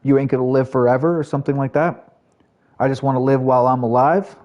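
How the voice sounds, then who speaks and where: A man's voice: medium pitch, fairly even intonation, fast, a little mellow, muffled recording. A man streaming live, chatting casually with his viewers in a rambling way with lots of fillers. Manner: chatty, rambling, talks to chat, frequent fillers.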